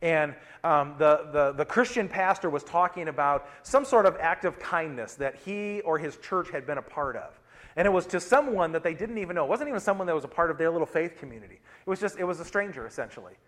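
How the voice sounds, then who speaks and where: A man's voice: on the high side, brisk. Conversational middle-aged man preaching. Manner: conversational preaching with personal stories, lively swings in loudness. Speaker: pastor. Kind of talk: sermon.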